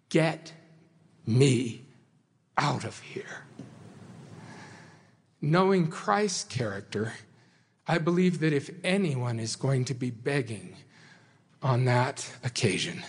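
A man's voice: medium pitch, slightly rough. Earnest man preaching in a hall. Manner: measured, earnest, with dramatic slow pauses and acted quotes. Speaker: speaker addressing a congregation. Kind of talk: sermon. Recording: hall reverb.

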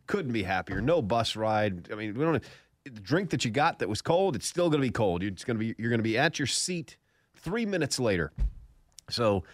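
A man's voice: medium pitch, big pitch swings, normal speed, no room sound, clean studio sound. A man hosting a golf radio show, telling stories and joking with a scratchy throat. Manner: jokey, laughs often while telling stories. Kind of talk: casual studio chat and storytelling. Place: radio studio.

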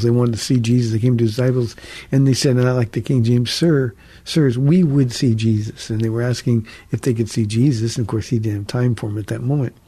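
A man's voice: mid-range voice, dark tone, husky, no echo. A man, a pastor, answering listener questions on a radio call-in teaching show in an earnest, conversational way with frequent restarts.

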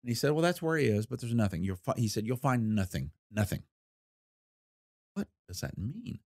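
A man's voice: medium pitch, sing-song, moderate pace, darkish tone, dry recording, clean studio sound. A man, a former federal investigator, telling a case story in a folksy, plain-spoken interview manner and acting out the voices he quotes.

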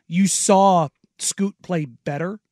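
A laid-back man talking sports in a casual podcast chat, with a voice a little higher than most men's. He often drops quieter and laughs easily. The sound is dry and close. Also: slow, no room sound.

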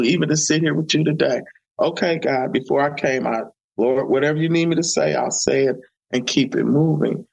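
A woman testifies as an interview guest with a gravelly, husky voice. She talks fervently, repeating her phrases the way a preacher would. Her tone stays conversational the whole time. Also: low-pitched, darkish tone, low-quality recording. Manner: fervent, repetitive, preacher-like emphasis. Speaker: guest, community ministry founder.

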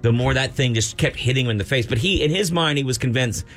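Male radio co-host, mid-pitched, animated storyteller who acts out quoted voices, light music underneath. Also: fast talker. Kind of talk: casual storytelling chat.

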